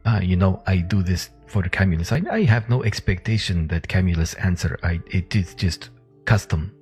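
A man's voice: deep voice, normal speed, darkish tone, soft background music, lightly acted. A man voicing a stern, proud male warrior who speaks in broken, formal sentences. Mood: solemn. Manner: broken, formal speech, dismissive of outsiders.

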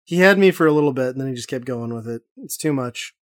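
A man's voice: mid-range voice, expressive, quick pace, dry recording, clean studio sound. A man co-hosting a casual chat, making wry, sarcastic jokes. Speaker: podcast co-host.

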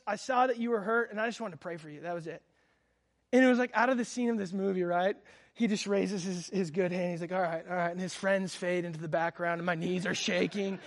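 A man's voice: sits high, fairly bright tone. A man in his thirties preaching a sermon, telling a personal story with fervent, earnest delivery. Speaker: pastor.

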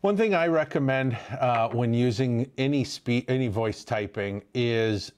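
A man's voice: medium pitch, unhurried, a little mellow, clear, resonant tone. A man co-hosting a live tech show, giving practical tips in a chatty way with lots of fillers. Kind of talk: live stream tech talk.

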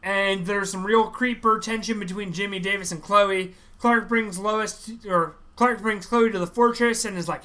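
A man hosting a podcast, recapping a TV series in animated casual chat, acting out quotes as he goes. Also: high-pitched, normal speed, few pauses.

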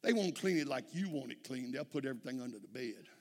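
A man's voice: medium pitch, big pitch swings, quick pace, a little mellow, big-room sound. A man preaching a sermon in a church, telling folksy stories and calling out "amen?" to the congregation. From Texas. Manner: folksy storytelling, frequent "amen?" calls to the congregation. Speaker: pastor.

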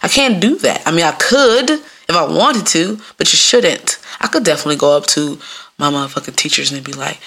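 Woman podcaster talkin loose n profane, aave, gravelly and kinda bright, low-ish voice. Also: lively intonation, a little fast. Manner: acts out voices with big pitch jumps. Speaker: podcast host. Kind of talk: casual solo podcast monologue.

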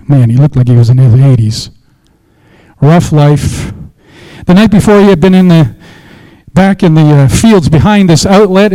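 A man's voice: fairly high pitch, warm tone, rough recording. A middle-aged man preaching a sermon, telling a personal story in a conversational way and then praying aloud. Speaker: pastor.

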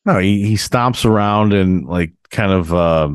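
Man, podcast co-host, low voice, measured, musing questions, dry close sound. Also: clear, resonant tone, no room sound. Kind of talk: casual podcast discussion.

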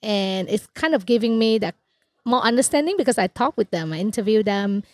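A woman's voice: medium pitch, animated, a little fast, dry recording. A woman from Vietnam, a guest mentor in an interview, chatting in non-native English with many "like" and "so" fillers. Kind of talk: conversational interview.

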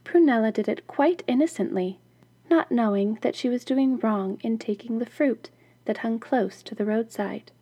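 A woman's voice: fairly high pitch, normal speed, warm tone, husky, no room sound. A woman hosting a podcast, reading a fairy tale aloud and adding chatty, wry asides. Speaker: podcast host and storyteller.

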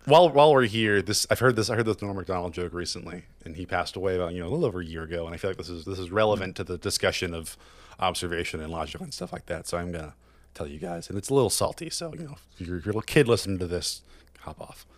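Low-voiced male co-host, loose rambling storyteller, chatty. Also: very fast, no room sound. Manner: rambling, repeats words, laughs while talking. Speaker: podcast co-host. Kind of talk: casual chat, telling a joke.

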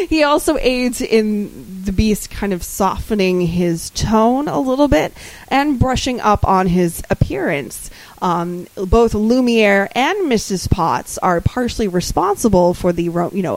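A woman's voice: mid-range voice, no echo, low-quality recording. A woman co-hosting a podcast in casual chat, rambling and often searching for her words. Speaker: podcast co-host.

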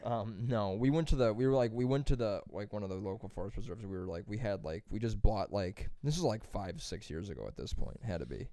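Young guy rambling thru a story, swears a lot, smooth clear voice, dry close mic. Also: lowish voice, a little fast, few pauses, dry recording. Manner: rambling, profane, animated when quoting. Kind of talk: casual storytelling chat.

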